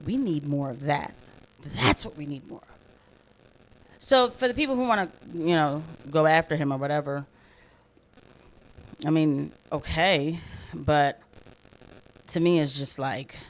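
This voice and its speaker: A woman giving impassioned, emphatic commentary, often repeating herself for emphasis. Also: lowish voice. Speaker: political commentator. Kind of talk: opinionated livestream commentary.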